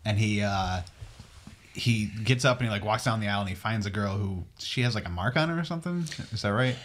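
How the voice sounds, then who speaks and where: A man co-hosting a casual podcast, recapping a movie in a halting way with many fillers. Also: lowish voice, expressive, a bit bright, a little hiss or hum. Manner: halting, filler-heavy storytelling. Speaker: podcast co-host.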